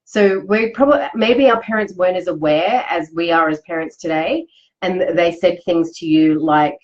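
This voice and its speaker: A woman's voice: on the low side, normal speed, darkish tone, highs cut off. A woman, hosting a chatty, upbeat live motivational talk. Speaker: host. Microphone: live video stream.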